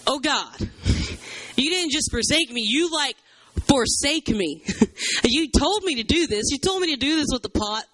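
A man's voice: extremely high pitch, expressive, unhurried, long pauses, sharp tone, dry recording, pitched above the performer's own voice, heavily acted. A man voicing an anguished male prophet who pleads with God in raw, heartbroken lines.

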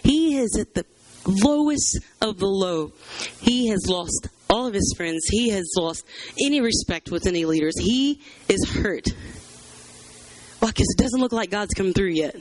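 A man teaching a Bible study to a church group in a chatty, conversational way, with many fillers. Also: high voice. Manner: conversational, chatty, fills with "you know" and "um".

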